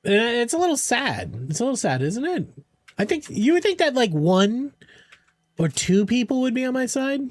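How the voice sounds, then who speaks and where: Very high-pitched and very animated, a young streamer chats with his audience at normal speed during a game, with no room sound. He's playful and rambling, joking around and replying to viewers.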